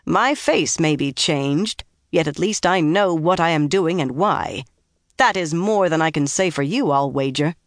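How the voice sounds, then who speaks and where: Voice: medium pitch, normal speed, dry recording, studio quality, lightly acted. An audiobook narrator voicing a proud, confident woman with a steely tone.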